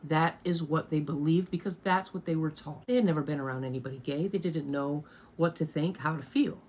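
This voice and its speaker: A woman's voice: sits low, fairly quick, a little mellow. A woman in her thirties telling a personal story in a candid storytime vlog from her bedroom, blunt and swearing freely with wry asides. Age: 30s. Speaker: storyteller vlogger. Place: bedroom at home.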